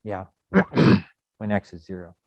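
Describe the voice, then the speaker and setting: Man, middle-aged, programming lecture, low-pitched, many fillers, dull lo-fi sound. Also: slow, no room sound. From United States. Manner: relaxed, rambling, many fillers. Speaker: programming instructor. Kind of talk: recorded coding lecture.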